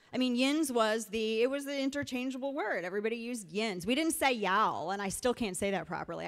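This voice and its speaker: A middle-aged woman from the Missouri Ozarks delivers an emphatic rally speech that moves between pointed argument and folksy storytelling. Her voice sits at a middle pitch and carries through a large hall with a long, lingering reverb. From rural Missouri Ozarks. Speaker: political speaker.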